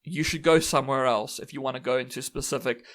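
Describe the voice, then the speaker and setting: A man's voice: medium pitch, steady tone, fast talker, fairly bright tone. Chatty male lecturer, often adds "right?". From South Africa. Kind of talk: casual online lecture.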